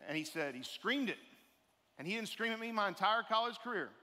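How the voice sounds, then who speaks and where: A man's voice: high voice, animated, brisk, pushed and bright. A man giving an earnest sermon as a guest speaker in a church, building to emphatic preaching. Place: church sanctuary. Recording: reverberant hall.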